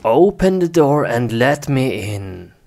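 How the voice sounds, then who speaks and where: A man's voice: medium pitch, sing-song, takes it slowly, creaky, darkish tone, a little hiss or hum, heavily acted. A man voicing a pushy, impatient male wolf in an amateur animation, taunting and sighing as he threatens.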